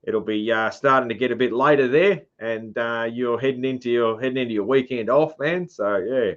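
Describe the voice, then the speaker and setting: An Australian man hosts a relaxed podcast interview at a middle pitch, drifting along with easy fillers. His audio is dull and lo-fi. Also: moderate pace. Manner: laid-back, lots of "uh" and "man". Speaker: podcast host. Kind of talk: casual interview chat.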